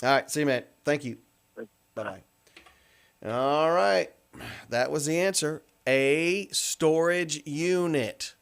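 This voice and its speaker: A man's voice: fairly high pitch, takes it slowly, creaky, pauses often, smooth. A man hosting a call-in radio show, joking, rambling and poking fun at himself on a studio mic. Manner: rambling, joking, self-mocking.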